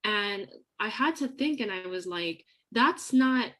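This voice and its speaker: A woman's voice: mid-range voice, animated, a little slow, a bit bright. A woman guest on a podcast interview, speaking earnestly and encouragingly in a casual chat.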